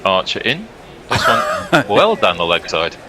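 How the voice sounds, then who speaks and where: A male cricket commentator giving brisk, upbeat ball-by-ball commentary and laughing easily. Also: lowish voice, huge pitch swings, heavy background noise.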